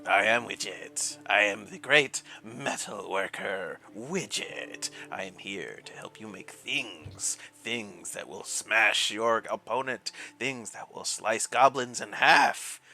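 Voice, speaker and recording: A man voicing a tiny, angry, boastful male dragon blacksmith with a high-pitched voice. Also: slow pace, creaky, few pauses, exaggerated voice. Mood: proud. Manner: shouting, boastful.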